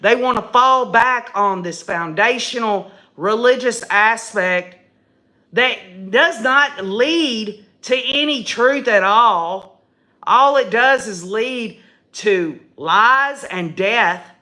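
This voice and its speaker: A woman's voice: a little high, slow pace, bright, forceful tone. A middle-aged woman giving emphatic live commentary on a true-crime case and talking straight to her viewers. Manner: emphatic, addresses viewers as "y'all", repeats and restarts when indignant. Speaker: livestream host.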